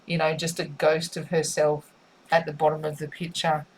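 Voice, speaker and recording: A woman's voice: deep voice, little pitch movement, normal speed, a little hiss or hum, rough recording. A woman giving a spiritual tarot reading, musing and repetitive in a soothing way. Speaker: tarot reader.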